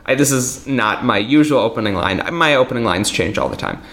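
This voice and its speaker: A man's voice: medium pitch, lively intonation, brisk, a bit bright. A man who works as a magician, telling stories in a casual podcast conversation, candid, laughing often and swearing now and then. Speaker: magician guest.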